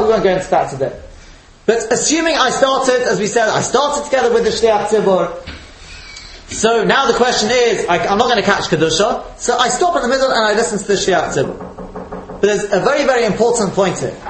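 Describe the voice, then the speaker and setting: A man giving an informal lesson on Jewish law, chatty and laughing often as he acts out questions. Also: high-pitched. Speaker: Torah teacher. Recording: echoey room.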